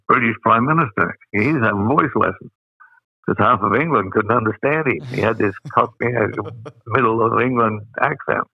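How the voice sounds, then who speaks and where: An older man with an Australian accent, telling stories as an interview guest, rambling with many pauses and fillers. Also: lowish voice, vocal fry, no echo. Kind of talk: anecdotal storytelling. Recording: dry, phone-like sound.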